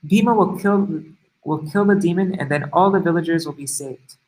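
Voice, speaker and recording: Brief: man voicing a mother in a scripture story, kind, firm, reassuring, slightly raised pitch. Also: moderate pace, a little mellow, natural voice, low-quality recording. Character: kind, resolute mother of five sons.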